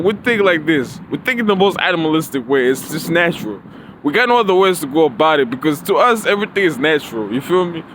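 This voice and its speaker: A man's voice: high-pitched, a bit bright, slight background noise, low-quality recording. A man rambling through a profane, repetitive monologue into his phone outdoors. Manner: profane, rambling, repeats himself.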